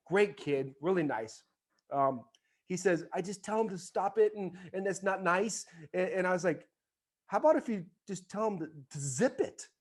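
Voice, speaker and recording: A man's voice: sits high, darkish tone. A man in his forties telling a story in casual conversation as a podcast guest, animatedly acting out the voices of people in it. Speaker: podcast guest, former baseball player.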